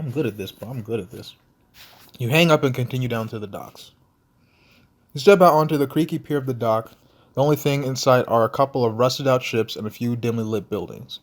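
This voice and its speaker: A young man from the St. Louis area talks through a story game in a relaxed, slangy voice. He reads the game's text aloud and riffs on it between bites of food, sounding easygoing and unhurried. His voice sits at an ordinary pitch for a man. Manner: laid-back, slangy, talks with his mouth full. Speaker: gameplay commentator. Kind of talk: casual let's-play commentary, reading story text aloud.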